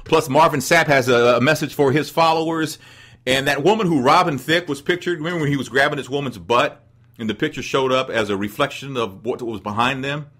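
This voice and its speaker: A man runs his own celebrity-news podcast, talking loosely and riffing on each story. His voice is bright and forceful. He wanders off on tangents and chuckles at his own jokes. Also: mid-range voice, brisk. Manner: chatty, rambling, laughs at his own jokes. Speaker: podcast host. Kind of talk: casual celebrity news commentary.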